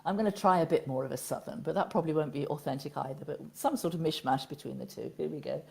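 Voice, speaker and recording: A woman with an English Midlands accent, from Nottingham, co-hosting a chat show and reading poems in a soft, measured way. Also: low-pitched, creaky, husky. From Nottingham, England. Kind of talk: radio-style chat and poetry reading.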